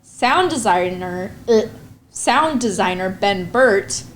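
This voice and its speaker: A young adult woman hosting a movie podcast, playful and animated, often laughing. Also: mid-range voice, slow, slight background noise. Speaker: podcast host. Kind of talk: casual chat.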